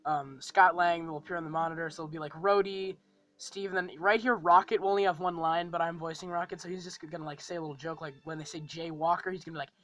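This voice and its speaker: A man's voice: fairly high pitch, steady tone, fast, fairly bright tone, poor audio. Rambling man sketching a fan-series plot. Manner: rambling, frequent ums and restarts. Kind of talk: casual plot rundown.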